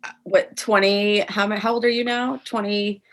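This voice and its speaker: A woman's voice: medium pitch, level tone, moderate pace. A woman hosting a podcast, laughing along and asking eager follow-up questions. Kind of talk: candid podcast chat.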